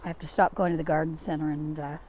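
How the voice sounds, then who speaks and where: An older Scottish woman, a gardening vlogger, chats casually while working outdoors in a garden, rambling a bit and poking fun at herself. Her voice is low, level, and darkish, and she talks at a quick pace. There's a little hiss or hum in the recording.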